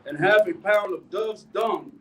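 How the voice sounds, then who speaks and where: A man reading scripture aloud and preaching. He reads haltingly with fillers and punctuates his points with "man, all right?". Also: high voice. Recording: distant mic with faint outdoor noise.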